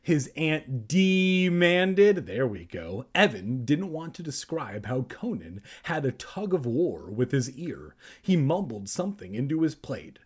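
A man's voice: mid-range voice, very animated, a little slow, few pauses, breathy edge. A young man reading a children's book aloud for laughs, breaking off into crude, self-deprecating jokes. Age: young adult. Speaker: reader and comedian.

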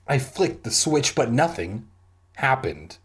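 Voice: medium pitch, very animated, slow pace. A reader casually reading a spooky book aloud, adding jokey, irreverent asides.

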